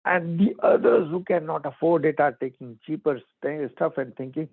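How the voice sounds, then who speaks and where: A man's voice: fairly high pitch, moderate pace, gravelly, few pauses, no echo. A man giving a spiritual talk as a teacher, speaking in short, broken phrases. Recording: dry phone-like line.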